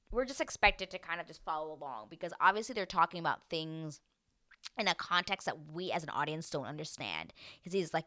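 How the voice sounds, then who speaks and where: A woman hosting a casual TV recap, animated and swearing freely as she acts out what people said. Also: on the low side, clear, resonant tone, dry recording, clean studio sound. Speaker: recap show host.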